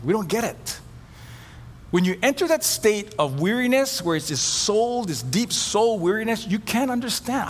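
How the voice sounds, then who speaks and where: A middle-aged male pastor preaches, slipping into the voices of the people in his stories. His voice sits a little high, and it rings out with the long reverb of a large hall over faint background ambience. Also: moderate pace, a little hiss or hum. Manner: animated storytelling, acts out quoted voices. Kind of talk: sermon.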